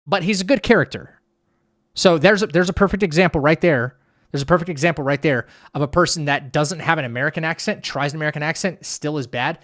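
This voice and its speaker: This streamer chats casually and reacts to comments from chat, wandering in his talk and repeatedly restarting or stumbling over sentences. He has a slightly high voice with a fairly bright tone.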